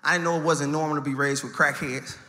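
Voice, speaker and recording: A man from Chicago's South Side with a Chicago accent doing a stand-up comedy set in a theater, animated and slipping into mocking street voices. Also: fairly high pitch, fast talker, big-room sound, background noise. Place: large theater stage. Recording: live theater show with loud crowd. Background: audience laughter.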